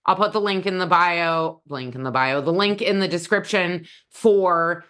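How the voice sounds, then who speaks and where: A woman's voice: lowish voice, unhurried, fairly bright tone, clean tone. A middle-aged woman stylist giving blunt, opinionated fashion advice in a casual how-to talk.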